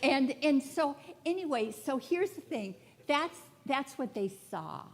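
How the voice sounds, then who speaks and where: A woman's voice: high-pitched, lively intonation, a little slow. Candid, chatty woman preaching. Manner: candid, chatty storytelling with humor. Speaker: spiritual director. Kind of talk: personal sermon talk. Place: church sanctuary before a congregation.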